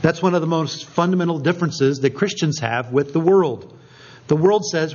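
Husky man preaching a measured sermon. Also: a little high, darkish tone, highs cut off. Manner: measured preaching with emphatic slowed phrases. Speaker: pastor.

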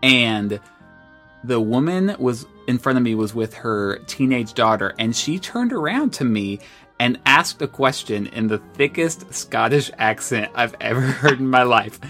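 A man from the United States co-hosts a casual podcast, spinning animated, self-deprecating stories in an easygoing conversation. His voice sits in a middle pitch, with faint music in the background. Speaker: podcast co-host. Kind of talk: casual storytelling chat.

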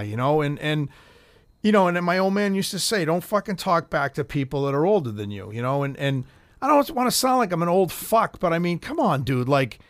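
A man's voice: high voice, dry recording, studio quality. Profane middle-aged man ranting. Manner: profane, rambling, heated storyteller. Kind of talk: casual storytelling chat.

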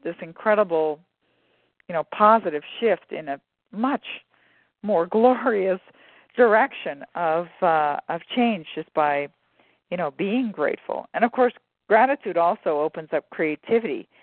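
A woman author telling stories in a relaxed interview, with frequent fillers and laughter. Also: lowish voice, unhurried, dry recording. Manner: animated storyteller, many fillers and laughs. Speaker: guest author. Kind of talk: casual conversational interview. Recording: phone-like dry line.

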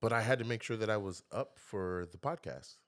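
A man co-hosting a casual podcast, teasing and animated, jumping into high exaggerated voices when he quotes people. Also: a little fast. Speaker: podcast co-host.

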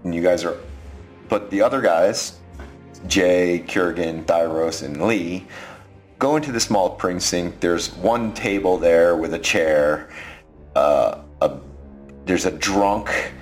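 A man's voice: deep voice, slow pace, soft background music. A man narrating a tabletop role-playing game as game master, loose and rambling, with frequent restarts.

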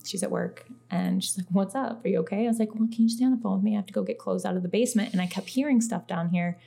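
A woman telling a story in a casual podcast chat, animated and full of "like", acting out what people said. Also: mid-range voice, racing, gravelly, breathy edge. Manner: animated storyteller, heavy use of "like", acts out quoted speech. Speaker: podcast guest.

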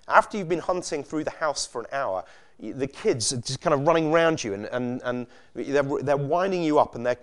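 A man preaching a sermon in a conversational way, asking his listeners many rhetorical questions. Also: medium pitch.

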